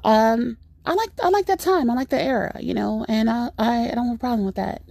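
Middle-aged woman host, gravelly voice, dry close mic, chatty exasperated storytelling. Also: fairly high pitch, brisk, dry recording. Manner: animated, exasperated, rambling with fillers. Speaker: podcast host. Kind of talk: casual storytelling monologue.

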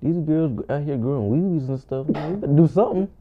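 A man's voice: a little high, lively intonation, quick pace, hardly any pauses. A young man chiming in with jokes and asides during a casual chat. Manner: joking interjections. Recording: tinny phone-like sound.

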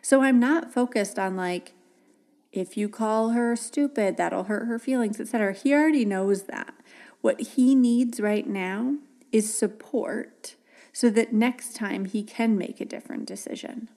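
A woman hosting a parenting podcast, talking casually and gently, often acting out soft reassuring dialogue with children. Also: fairly high pitch, unhurried. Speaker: podcast host, parenting educator. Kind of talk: casual solo podcast talk.

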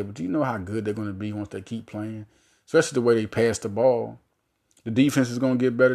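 A man hosting a solo sports podcast, talking in a rambling, animated way with many restarts and fillers. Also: medium pitch.

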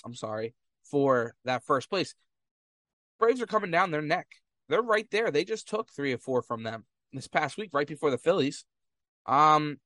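A man's voice: a little high, a bit bright, no room sound. A man giving casual sports commentary, fired up and trash-talking rival fans.

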